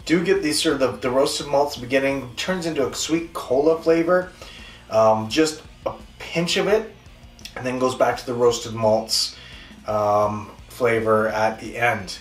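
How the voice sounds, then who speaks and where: Here's a show host with a Canadian accent, originally from Western Canada, chatting through a laid-back beer review and poking fun at himself as he rambles. His pitch sits in the middle and his pace is slightly slow. The sound is roomy and echoey, with the mic far off and quiet music behind him.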